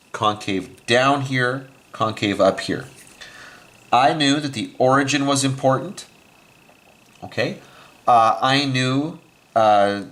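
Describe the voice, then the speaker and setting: A man with a mid-range, fairly bright voice teaches a recorded math lesson, writing on a board and explaining each step as he goes. He frequently pauses to correct himself.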